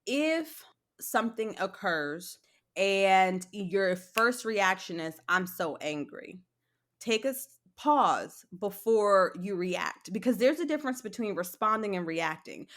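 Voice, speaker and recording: A woman guest psychologist explaining ideas step by step in a conversational interview, animated when acting out examples. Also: medium pitch, takes it slowly. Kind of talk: conversational advice.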